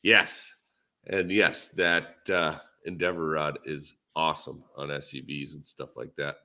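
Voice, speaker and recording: A man's voice: extremely low pitch, little pitch movement, measured pace, pushed and bright. A man with a Minnesotan accent in a laid-back, rambling, jokey podcast chat, talking shop as a dent repair technician. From Minnesota, USA.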